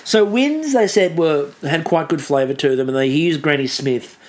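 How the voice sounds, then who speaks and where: A man's voice: on the high side, animated, moderate pace. Chatty male podcast co-host. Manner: rambling, chatty, many fillers and restarts. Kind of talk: casual episode recap.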